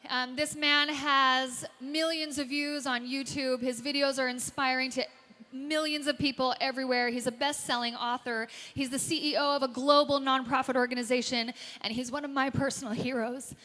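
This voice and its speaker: A woman's voice: high voice, level tone, moderate pace, sharp tone. A woman introducing a speaker on stage in an earnest, heartfelt way, her voice choked with emotion. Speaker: event presenter. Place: large indoor arena.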